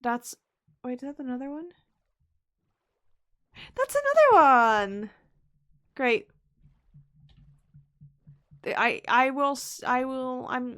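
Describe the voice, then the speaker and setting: Female streamer, higher voice, playful running commentary with whispered asides. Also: a bit bright. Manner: playful, chatty self-talk while playing; repeats words and whispers asides. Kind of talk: live gameplay commentary.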